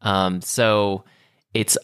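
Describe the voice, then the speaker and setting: Hesitant low-voiced man on a video call. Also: little pitch movement, drawn-out words, a bit bright, smooth, dry recording, clean studio sound. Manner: hesitant, many fillers and restarts. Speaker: conversation partner. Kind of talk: casual video call chat. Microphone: webcam or computer mic on a video call.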